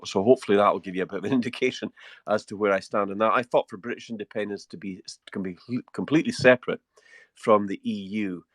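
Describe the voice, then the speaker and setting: A Scottish Highland man speaking as a guest in a live audio-room discussion, blunt and emphatic, often repeating words as he starts. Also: no room sound, studio quality. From Scotland.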